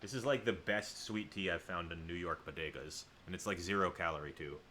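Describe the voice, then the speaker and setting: A man's voice: deep voice, fairly quick, sharp tone, slight background noise. A man from the American South hosting a livestream, chatting casually with viewers in a rambling, self-correcting way. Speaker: livestream host.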